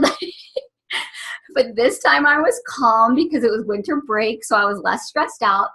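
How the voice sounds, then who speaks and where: A woman in her thirties, a parenting coach, talking casually with lots of fillers and lively retelling. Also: mid-range voice, moderate pace.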